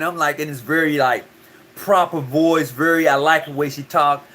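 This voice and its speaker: A man's voice: a little high, steady tone, moderate pace, sharp tone. A man hosting a call-in talk show, talking loosely and often repeating his words.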